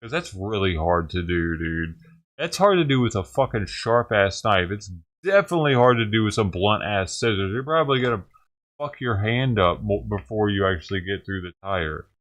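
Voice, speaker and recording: A man's voice: on the low side, lively intonation, normal speed, a bit bright. A man hosting a vlog who rants and swears heatedly while reacting to a news clip. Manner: heated, ranting, swears often. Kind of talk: profane reaction commentary.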